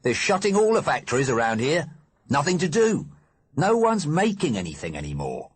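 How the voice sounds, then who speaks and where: A man's voice: fairly high pitch, wildly swooping pitch, normal speed, slightly rough, no room sound, voice pushed up, exaggerated voice. A man doing a glum, grumbling teenage boy. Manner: glum, complaining. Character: gloomy tough teenage boy.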